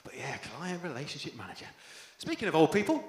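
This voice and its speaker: A young English man doing a stand-up comedy set on stage, dry and self-deprecating, with sudden loud outbursts. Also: on the high side, huge pitch swings, quick pace. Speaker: first-time stand-up comedian. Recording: echoey live venue with faint room noise.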